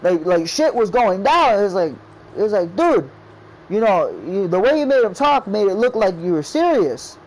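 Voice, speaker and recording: A man's voice: sits high, sing-song, moderate pace, a little mellow, low-quality recording. A man casually telling a rambling story about making his game, quoting his friends' reactions over and over. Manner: rambling, repeats "I was like" and quotes friends. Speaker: game creator.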